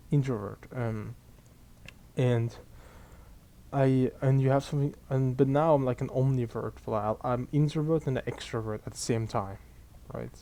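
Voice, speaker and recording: A young man, his tone dark and mellow. He rants casually to camera, swearing freely and sounding fed up and animated. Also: mid-range voice, measured pace. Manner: profane, exasperated, animated storytelling. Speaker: vlogger. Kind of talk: casual ranting monologue.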